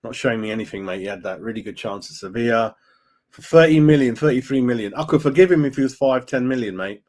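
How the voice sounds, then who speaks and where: A man's voice: medium pitch, fast, darkish tone. A middle-aged man hosts a fan live stream, chatting with viewers in an opinionated way and tagging lines with "mate" and "right?". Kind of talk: casual live-stream chat reading viewer comments.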